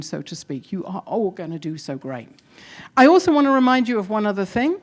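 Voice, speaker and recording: English lady hyping up a room of founders, upbeat and chatty. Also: mid-range voice. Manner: upbeat and encouraging, chatty with the crowd. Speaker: keynote presenter at demo day. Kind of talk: energetic live speech to an audience. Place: event hall with live audience.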